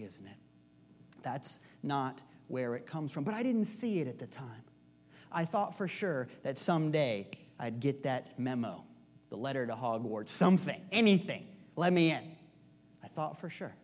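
Man, high voice, conversational sermon, storytelling, loud emphasis, hushed asides. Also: lively intonation, moderate pace. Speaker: minister.

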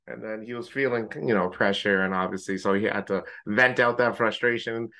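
A man co-hosting a podcast, telling a story in casual chat, animated, swearing freely and mimicking friends in high joking voices. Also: a little fast, gravelly. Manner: swears casually, uses gamer slang. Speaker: podcast co-host.

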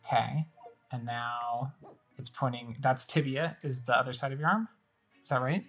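A woman's voice: extremely low pitch, fairly even intonation, moderate pace, fairly bright tone, slightly rough, faint music behind. A woman podcast host chatting casually while playing a video game, describing everything on screen as she goes.

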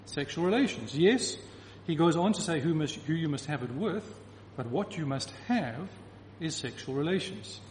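A man's voice: on the high side, lively intonation, moderate pace, darkish tone, a little hiss or hum. A man preaching a sermon to a congregation, emphatic and repeating key phrases to drive his point home. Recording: reverberant hall with faint ambience.

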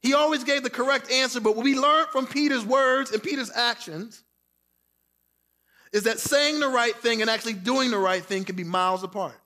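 A man preaching a sermon, reading scripture and acting out quoted lines, dropping soft and slow for tender words. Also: very high voice. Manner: preaching with dramatic quoted voices, drops soft for Jesus' words. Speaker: pastor.

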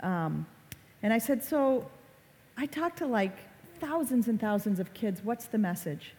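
A woman's voice: on the high side, expressive, measured pace, mellow. A middle-aged woman giving a public talk about social media safety, telling a story in a conversational, dramatic way with fillers. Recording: long hall reverb.

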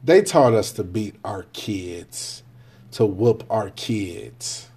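Low-ish, slightly rough and dark in tone, this man's voice is animated but slow. He's a father in his forties sharing parenting views in a casual to-camera monologue, cursing freely and checking in with "right?" again and again as he candidly recounts raising his kids.

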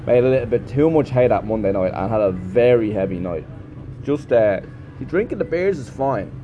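A man's voice: mid-range voice, lively intonation, moderate pace, dark tone, muffled recording, faint music behind. A man who teaches English, talking in a chatty, rambling vlog monologue and swearing freely.

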